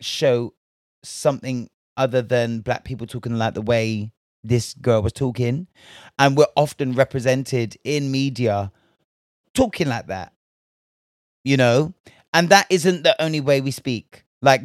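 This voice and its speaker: A man's voice: medium pitch, no room sound, studio quality. Frank young man commenting. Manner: animated, frank, sighs and restarts often. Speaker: commentary vlogger. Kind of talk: casual opinion commentary.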